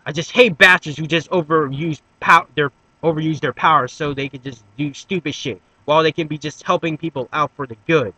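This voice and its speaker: A man voicing a hot-headed young male anime hero who rants, curses and yells in fury. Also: fairly high pitch, fairly even intonation, a little fast, hardly any pauses, no echo, low-quality recording. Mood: enraged. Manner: shouting, cursing rants.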